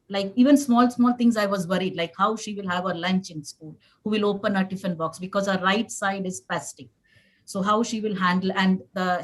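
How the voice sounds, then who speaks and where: A woman in her forties, a parent on a conference panel, talking in an earnest, halting way with some emotion. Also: mid-range voice, rough recording. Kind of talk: panel discussion sharing.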